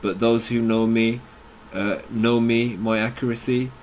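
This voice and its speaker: A man's voice: medium pitch, little pitch movement, a little slow, slight background noise. A British man hosting a crypto channel, ranting bluntly and combatively about a chat argument, with plenty of swearing. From United Kingdom.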